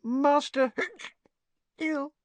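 Squeaky sobbing drunk elf lady, a guy putting it on, super high thin voice, dry sound. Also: fairly even intonation, extremely slow, no room sound, full character voice. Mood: whimpering. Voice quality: squeaky, slurred broken grammar. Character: drunk tearful female house elf, loyal. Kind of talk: audiobook character voice.

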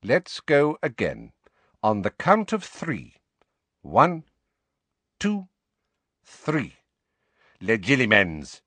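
A man's voice: medium pitch, huge pitch swings, a bit bright, slightly rough, dry recording, exaggerated voice. Snape, a man doing a cold, clipped wizard teacher. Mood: coldly commanding. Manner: slow, clipped and cutting.

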